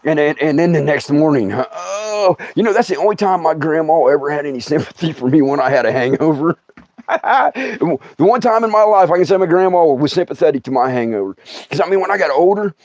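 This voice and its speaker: A man's voice: a little high, animated, a little fast, darkish tone, highs cut off. A middle-aged man, who laughs often and acts out scenes while telling comic stories on a livestream. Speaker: storyteller host.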